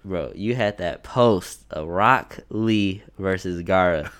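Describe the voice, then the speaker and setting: A man with a somewhat low voice talks in a casual, slangy way. He is blunt and swears freely. He laughs often as he chats. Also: takes it slowly, fairly bright tone, clean tone. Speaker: podcast co-host. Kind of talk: casual chat.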